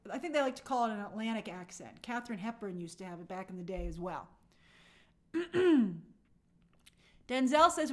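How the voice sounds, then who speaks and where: Female live-stream host, slightly high pitch, casual and conversational, thinks aloud with fillers. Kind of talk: live-stream chat reading viewer comments.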